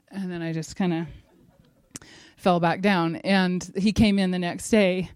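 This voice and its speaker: Animated woman giving a devotional talk. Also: fairly low pitch, a little slow, clean tone, no echo, studio quality. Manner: animated storyteller who acts out quotes and speaks directly to her listeners. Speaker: devotional speaker. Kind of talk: religious devotional talk with personal story.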